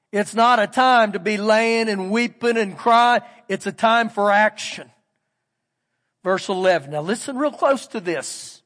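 A man preaching a sermon as pastor, reading scripture aloud and switching between loud emphasis and quiet asides. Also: sits high, big-room sound. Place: church sanctuary.

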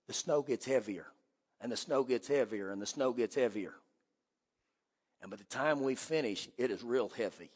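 A middle-aged male pastor preaching a sermon, telling a personal story dramatically, dropping to a hush and then rising loud. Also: mid-range voice, normal speed, slightly rough. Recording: long hall reverb.

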